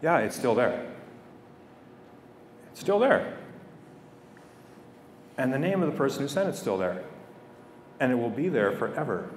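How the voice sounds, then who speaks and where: A man's voice: mid-range voice, sing-song, fairly quick, slight background noise. A middle-aged man from Canada giving a heartfelt public speech to students, repeating phrases for weight. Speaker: guest speaker. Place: school hall or gym. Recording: echoey hall from far off.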